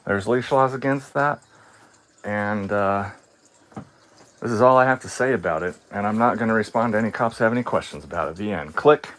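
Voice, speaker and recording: A man talking on his live stream in a casual rant, sarcastic and mocking, often laughing, swinging between calm and heated. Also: on the low side, moderate pace. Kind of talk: casual ranting monologue.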